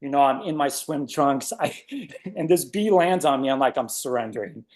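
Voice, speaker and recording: A man shares a personal story in a loose, casual way. His voice sits a bit high for a man, and he acts out his own reactions with plenty of animation. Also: moderate pace, darkish tone. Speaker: guest sharing a story.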